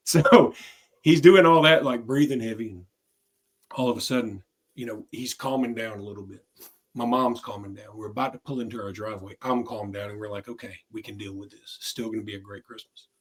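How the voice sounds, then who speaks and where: Rambling man on a sports podcast. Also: mid-range voice. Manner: rambling anecdotal storyteller with restarts. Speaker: podcast co-host. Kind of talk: casual sports podcast chat.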